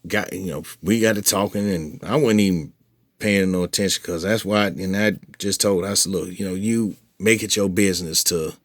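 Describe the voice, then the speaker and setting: A man with a fairly low voice tells his followers about a personal run-in, swearing freely and stumbling over restarts as he goes. The sound is dry and close, with no room around it. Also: no echo. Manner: profane, animated retelling with heated quoted outbursts; frequent restarts and filler phrases. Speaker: vlogger updating followers. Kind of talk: casual storytelling to camera.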